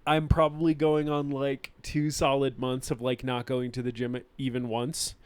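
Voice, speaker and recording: A man's voice: medium pitch, monotone, moderate pace, clear, resonant tone, no echo. A man co-hosting a casual movie podcast, joking around and laughing often. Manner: jokey, laughs a lot. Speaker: podcast co-host.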